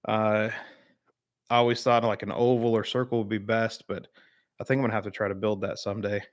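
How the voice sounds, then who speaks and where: A man from the Southern United States hosts a casual live-stream chat, speaking fairly quickly in a fairly low, level voice. He rambles with lots of fillers and answers viewers by name.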